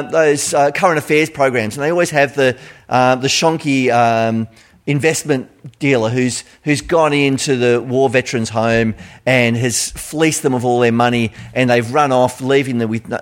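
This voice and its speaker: A man with an Australian accent preaching a sermon in an animated, conversational storytelling manner. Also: fairly high pitch.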